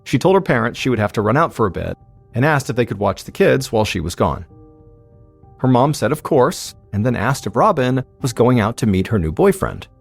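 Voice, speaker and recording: A man narrating a true-crime story in a steady, suspenseful scripted style as podcast host. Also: medium pitch, fairly quick, gravelly, slightly rough, faint music behind.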